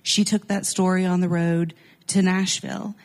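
A woman's voice: on the low side, level tone, normal speed. A woman speaking as a guest on a radio interview, emphatic and enthusiastic in how she talks.

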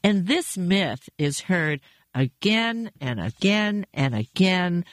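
A woman's voice: lowish voice, very animated, slow pace, no room sound. A woman hosting an interview, chatty and self-deprecating, laughing easily. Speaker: interview host. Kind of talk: conversational interview.

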